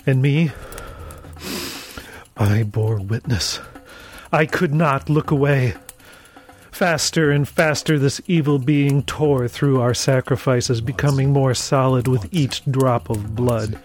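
A man reading a first-person horror story aloud, dramatic, sinking low and slow on the grim moments. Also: a little mellow. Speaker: narrator.

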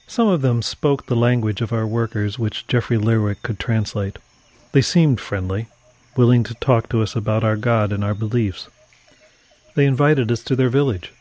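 A man narrating a first-person horror story in a measured, dramatic storytelling manner. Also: medium pitch, darkish tone.

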